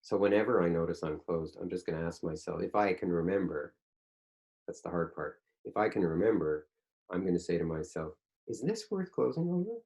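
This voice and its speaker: A lower-pitched man teaching a spiritual course, talking loosely with lots of "you know" and restarts. He slips into little acted-out quotes of what people say to themselves. The delivery is conversational and unscripted. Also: fairly even intonation, a little fast, darkish tone. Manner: rambling, frequent fillers and restarts, acts out quoted voices. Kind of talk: casual spiritual teaching talk. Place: online group class.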